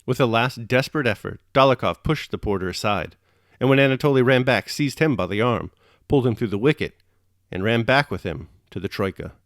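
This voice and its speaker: A man reading a classic novel aloud chapter by chapter, steady and measured, then reflecting on it. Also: medium pitch, no room sound, studio quality. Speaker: audiobook reader and host.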